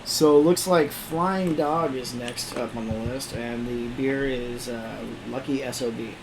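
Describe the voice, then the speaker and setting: A man's voice: mid-range voice, fairly even intonation, unhurried, a crowd in the background. A man co-hosting a podcast, chatting casually about beer with an easygoing manner and dry jokes. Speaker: podcast co-host. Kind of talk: casual chat while tasting beer. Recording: noisy room with air conditioner hum.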